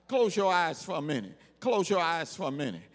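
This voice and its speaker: A male pastor delivering a sermon in a call-and-response style, shouting his points to the congregation and then dropping to quiet storytelling. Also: on the high side, sing-song, fairly quick. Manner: drops to quiet storytelling between outbursts.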